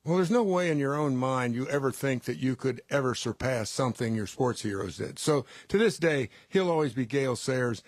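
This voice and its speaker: A man speaking calmly and reflectively in a radio studio. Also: mid-range voice, normal speed, hardly any pauses, no room sound. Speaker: guest, former football player. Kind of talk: reflective talk.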